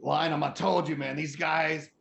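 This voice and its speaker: A man's voice: a little high, little pitch movement, normal speed, gravelly, a bit bright, roomy sound, a little hiss or hum, voice pushed up. A man doing a spacey, oblivious rock drummer. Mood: excited.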